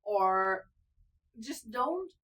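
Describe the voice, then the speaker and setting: A woman's voice: a little high, very animated, drawn-out words, fairly bright tone, rough recording. A woman co-hosting a podcast who offers energy healing, speaking in an earnest, affirming way. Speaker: podcast co-host, energy healer. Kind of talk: casual podcast conversation.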